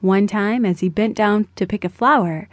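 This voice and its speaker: Gentle woman reading a children's story. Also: mid-range voice, dry recording. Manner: gentle, measured. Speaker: audiobook narrator.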